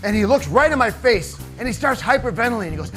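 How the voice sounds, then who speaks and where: A man with a fairly high voice tells a personal story live on a theater stage. He is animated and conversational, then softens for the sad passages. A faint guitar plays underneath. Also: fast. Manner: animated, conversational, drops soft for sad moments.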